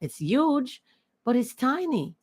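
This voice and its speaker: A woman's voice: sits high, very animated, takes it slowly, noisy background. A woman chatting casually and earnestly on her first livestream, repeating herself often. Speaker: livestream host.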